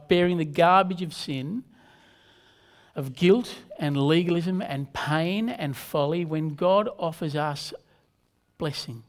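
A man, a pastor, preaching a sermon in an earnest, measured way, leaning on emphatic repetition. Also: on the high side.

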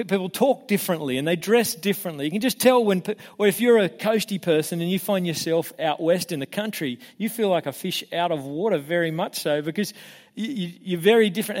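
A man preaching a sermon in an animated way, acting out the voices he quotes and often restarting his words. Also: sits high. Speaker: pastor.

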